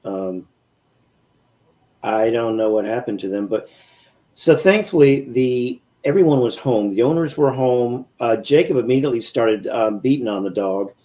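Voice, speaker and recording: A man hosts a podcast and tells his story in a loose, rambling way. His voice sits at an ordinary pitch, and his delivery stays casual and easygoing. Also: expressive, moderate pace, dark tone, poor audio. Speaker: podcast host. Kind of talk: casual chat.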